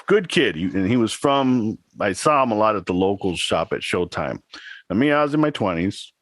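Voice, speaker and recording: A man's voice: lowish voice, lively intonation, moderate pace, no echo. A man in his thirties, a podcast co-host, chatting casually and telling a rambling story with laughs. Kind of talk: casual chat.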